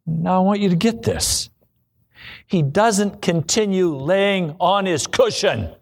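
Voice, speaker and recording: A male preacher with a high-pitched voice delivers a slow, deliberate sermon. He acts out desperate prayers and quoted voices with drama. He sinks his voice low for repeated refrains. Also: expressive, creaky.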